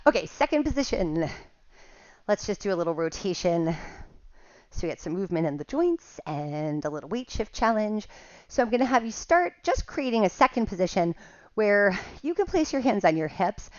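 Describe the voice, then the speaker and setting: At home, a woman leads a Pilates workout, counting out each move while slightly winded and laughing at herself. Her medium-pitched voice is very animated and moves at a normal speed, with no echo but the high frequencies cut off.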